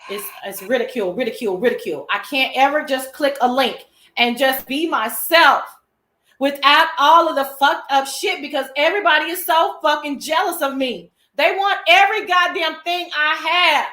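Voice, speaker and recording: A high, bright-voiced woman hosts a casual livestream chat. She talks loud and theatrical, swears freely and laughs through her lines. Her voice rings in a roomy echo. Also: normal speed. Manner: loud, dramatic, profane, laughing. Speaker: host.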